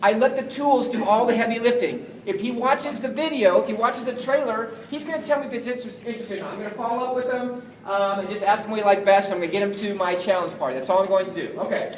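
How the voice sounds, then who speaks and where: A man giving an energetic, jokey sales training talk to a live group, often acting out phone calls. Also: high-pitched, fast, hardly any pauses, recorded from a distance. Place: meeting room with an audience. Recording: echoey room, voice from afar, faint noise.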